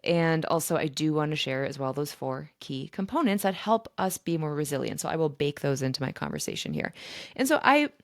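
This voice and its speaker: A woman podcast host telling a personal story in a chatty, animated way. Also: sits low, a little fast, no room sound, clean studio sound. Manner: chatty and animated, with fillers and laughs. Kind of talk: casual storytelling monologue.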